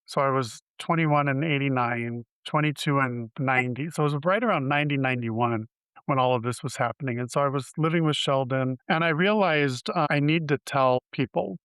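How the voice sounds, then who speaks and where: A man in his fifties shares his life story as an interview guest, with a smooth, resonant voice at a middling pitch. He talks candidly, stopping and restarting as he works through his memories. The recording is dry and close, with no room sound. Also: fairly bright tone, dry recording. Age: 50s. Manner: candid, halting, with frequent restarts.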